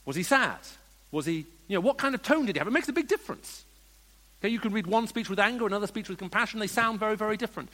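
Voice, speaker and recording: A man preaching a sermon, moving between hushed storytelling and emphatic questions to the congregation. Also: high voice, expressive, rapid-fire. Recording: long reverb of a large hall.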